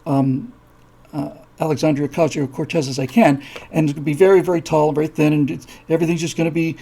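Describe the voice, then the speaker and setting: A man hosting a live show, his voice gravelly and somewhat husky, pitched a bit higher than most men. He rambles through a casual story, full of fillers and restarts, and slips into quick acted-out voices. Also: fairly even intonation, dark tone. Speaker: host.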